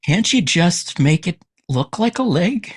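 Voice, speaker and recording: A man hosting a podcast, chatting casually and teasing his guest with rapid-fire questions. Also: sits high, sing-song, slightly rough. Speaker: podcast host. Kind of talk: casual chat.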